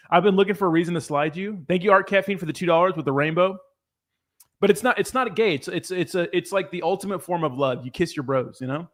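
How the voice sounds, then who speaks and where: A young man with a noticeably high-pitched voice hosts a loose, casual livestream. He reacts to viewer comments with constant joking, laughter and plenty of swearing. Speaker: crypto livestreamer.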